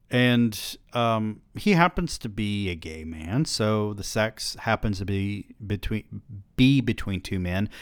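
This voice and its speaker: A man's voice: on the low side, no room sound, studio quality. A man hosting a podcast, chatting candidly and with amusement about books. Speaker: podcast host. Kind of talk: casual book discussion.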